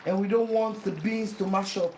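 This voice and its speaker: A woman's voice: mid-range voice, steady tone, moderate pace, mellow, roomy sound, far from the mic, slight background noise, rough recording. A Sierra Leonean woman chatting casually while cooking at home, self-mocking and pleading with viewers for likes. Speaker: cooking vlogger. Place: home kitchen.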